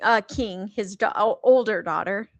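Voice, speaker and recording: A middle-aged woman co-hosting a casual podcast, chatty and quick to add details and questions. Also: medium pitch, no room sound, muffled recording. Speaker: podcast co-host. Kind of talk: casual drunk movie recap.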